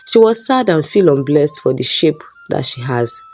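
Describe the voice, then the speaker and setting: A woman's voice: low-pitched, sing-song, moderate pace. A woman narrating a folk story aloud in a plain read-aloud manner. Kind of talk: storybook narration with character voices. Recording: soft background music.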